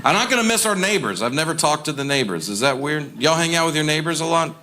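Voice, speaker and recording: A man doing stand-up comedy, telling self-deprecating stories in a deadpan way and acting out other people's lines. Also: on the high side, fast. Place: theater stage with a laughing audience. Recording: live show with audible audience noise.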